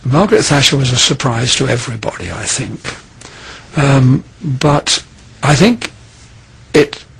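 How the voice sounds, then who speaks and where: A man with a gravelly, deeply husky voice recounts political history. He speaks slowly and deliberately, with many pauses and fillers. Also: animated, a bit bright, poor audio.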